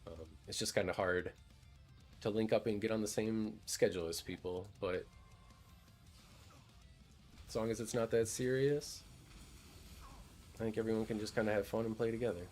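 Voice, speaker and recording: A man's voice: on the low side, steady tone, normal speed, long pauses, darkish tone, faint music behind. A man casually chatting over his gameplay as a streamer, laid-back and rambling, swearing now and then. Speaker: gaming streamer.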